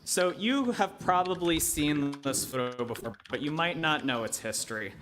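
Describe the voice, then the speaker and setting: A man's voice: on the high side, expressive, normal speed, background noise. A young man, a medical student, giving an earnest, impassioned public comment in a city council chamber. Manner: earnest, impassioned, voice rising with emotion.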